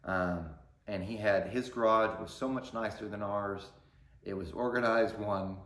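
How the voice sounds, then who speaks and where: A man's voice: on the low side, fairly even intonation, unhurried, a bit bright. Rambling man telling a story, roomy echo. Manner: conversational, rambling with fillers and asides. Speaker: YouTube channel host. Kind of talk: casual storytelling to camera.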